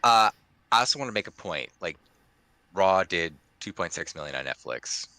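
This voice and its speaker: A man's voice: low voice, animated, moderate pace, sharp tone, no room sound. A man co-hosting a podcast in casual chat, rambling with many restarts and fillers. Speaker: podcast co-host.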